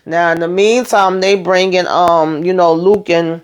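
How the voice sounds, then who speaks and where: A woman's voice: on the low side, steady tone, measured pace, clear, resonant tone. A woman hosting her own channel, casually recapping a TV episode in a chatty, emphatic way, talking straight to her viewers. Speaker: TV show recap host.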